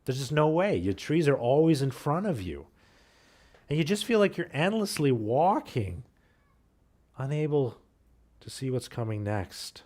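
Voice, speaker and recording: A man's voice: mid-range voice, sing-song, a little slow, long pauses, a little mellow. A man, a pastor, preaching by telling a family hiking story in a conversational way, often restarting with repeated words. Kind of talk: sermon storytelling. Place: church.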